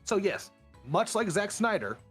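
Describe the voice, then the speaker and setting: Animated young man ranting on stream. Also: high voice, a little slow, husky, soft background music. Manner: animated, opinionated, jumps into mock voices. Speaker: streamer host. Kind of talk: casual chat.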